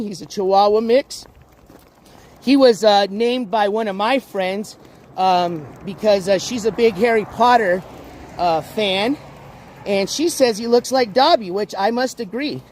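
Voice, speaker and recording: A man's voice: high voice, darkish tone. A man hosting a casual walk-and-talk livestream outdoors by a road, rambling with lots of "uh"s and restarts. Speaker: YouTube livestream host. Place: outdoors by a road with traffic, walking dogs.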